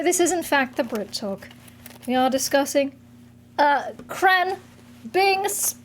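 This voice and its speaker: A woman's voice: sits high, a little hiss or hum. A woman on a livestream playing a mock British talk-show host in a put-on British accent, mock-formal and giggly. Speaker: streamer. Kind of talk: comedic bit on a livestream.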